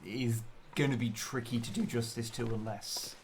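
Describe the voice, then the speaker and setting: A man co-hosts a gaming livestream, chatting casually with easy laughs and reading comments aloud. His voice sits mid-pitch. Faint background noise runs under it. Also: normal speed. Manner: relaxed, reads chat aloud, easy laughter. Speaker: co-streamer.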